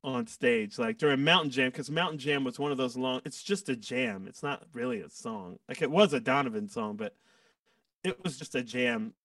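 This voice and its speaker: A man's voice: medium pitch, moderate pace, no room sound. Guy telling band stories, medium voice, kinda far from the mic, dry room. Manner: animated, acts out quotes with laughs. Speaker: guest musician. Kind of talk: casual storytelling.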